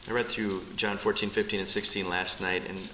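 A middle-aged male pastor preaching a sermon in a church, earnest and urgent by turns, rising to pleading then dropping soft. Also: on the low side, little pitch movement, fairly quick, slight background noise. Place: church sanctuary. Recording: echoey church sanctuary with faint ambience.

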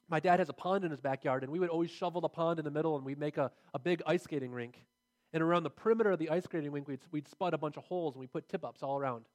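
A man preaching a sermon, earnest and building to emphatic, repeated phrases as he drives his points home. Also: fairly high pitch.

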